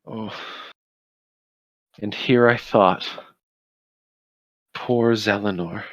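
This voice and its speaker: A man's voice: on the low side, fairly even intonation, drawn-out words, no room sound, highs cut off, heavily acted. A man voicing a weeping young woman's ghost. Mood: tearful. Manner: soft, tearful, hushed.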